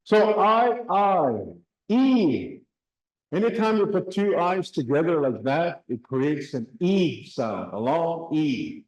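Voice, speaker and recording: A man leads a classroom language lesson in a slow, unhurried way, drilling words over and over for the class to repeat. His voice sits a little high for a man. The sound is echoey, as in a classroom. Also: expressive. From Canada. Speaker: language teacher.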